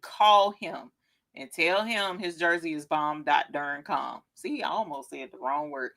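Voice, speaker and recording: A woman in her forties hosting a casual craft live stream, gushing and exclaiming excitedly and talking straight to her viewers. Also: low-pitched, unhurried, gravelly. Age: 40s. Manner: talks straight to viewers as "y'all". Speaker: craft show host.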